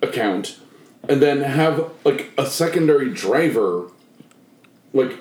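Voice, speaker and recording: A man's voice: mid-range voice, animated, slow pace, a little mellow, echoey room, poor audio. A man co-hosting a podcast, telling a rambling story with lots of fillers in casual chat. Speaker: podcast co-host.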